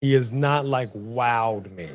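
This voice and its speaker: A man's voice: mid-range voice, slow pace. A man co-hosting a wrestling watch-along stream, chatting casually and calling out to the live chat. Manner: chatty, animated, addresses the chat.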